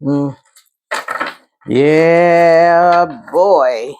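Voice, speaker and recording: A woman's voice: deep voice, very slow, noisy background. Blunt, swearing woman tarot reader. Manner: blunt, profanity-heavy, talks back to herself. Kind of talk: casual tarot reading.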